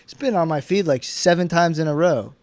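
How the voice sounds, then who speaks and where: A young man on a comedy podcast, talking in a fairly high voice that sits close and dry on the mic. He rambles through stories full of "like" and false starts, laughing along as he goes. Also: fairly quick, a little mellow, dry recording. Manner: rambling, full of fillers and restarts, laughs often. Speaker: podcast co-host. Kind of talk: casual comedy podcast banter.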